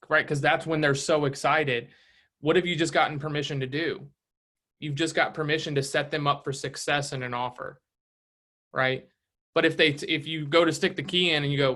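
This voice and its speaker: A man's voice: fairly high pitch, fairly even intonation, moderate pace, a bit bright. A man leading a casual real estate training session, coaching with rhetorical questions and a frequent "right?".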